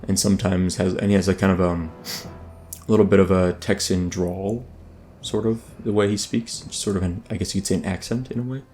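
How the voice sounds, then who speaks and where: Low-voiced man chatting over gameplay. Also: fairly even intonation, fairly quick. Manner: rambling, many ums and restarts. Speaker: gaming YouTuber. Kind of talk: casual let's play commentary. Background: soft background music.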